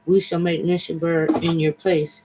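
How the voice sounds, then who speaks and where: A man's voice: fairly high pitch, level tone, normal speed, noisy background, close to an everyday voice. A man reading as commanding underworld demons.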